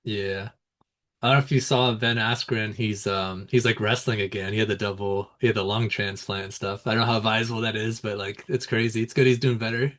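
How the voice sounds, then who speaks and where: A man's voice: on the low side, steady tone, a little fast, fairly bright tone. A man co-hosting a sports podcast in casual chat, laid-back, chuckling between points. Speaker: podcast co-host.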